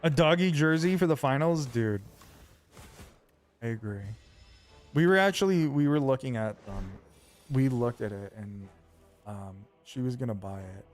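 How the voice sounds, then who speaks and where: A man's voice: mid-range voice, normal speed, long pauses, soft background music. A man streaming a video game, chatting casually with his viewers in a loose, rambling way full of fillers. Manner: rambling, relaxed, lots of fillers.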